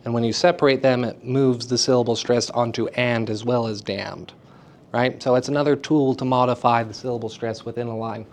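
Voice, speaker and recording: A man teaching a class of young actors, lively and enthusiastic, often checking in with questions to his students. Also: medium pitch, fairly quick, a little hiss or hum. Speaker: theater teacher giving a lecture. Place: school hall with student audience.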